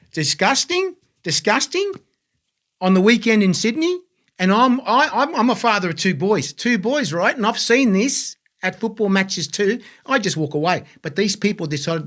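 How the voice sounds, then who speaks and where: A middle-aged man hosts a football talk show in a notably high voice. He talks in an exclamatory, indignant way, often repeating his words for emphasis. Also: fairly bright tone. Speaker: host. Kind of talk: casual sports radio chat.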